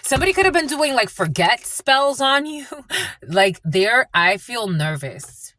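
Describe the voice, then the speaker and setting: A woman's voice: fairly high pitch, sing-song, unhurried, pushed and bright, no room sound. A woman giving a rambling, blunt and profane channeled reading in a casual monologue. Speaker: spiritual channeler and tarot reader.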